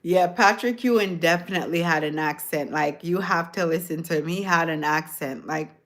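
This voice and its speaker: A livestream host with a light Jamaican accent rambles casually to her live viewers, chuckling often and asking them questions. Her voice is on the low side and fairly bright, at a moderate pace.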